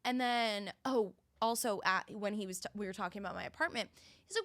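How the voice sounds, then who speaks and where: A woman's voice: medium pitch, a little fast, dry recording. A young woman from Philadelphia in her twenties, co-hosting a podcast and telling a story in casual chat, acting out both sides of a conversation. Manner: animated storytelling with quoted voices. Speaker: podcast co-host.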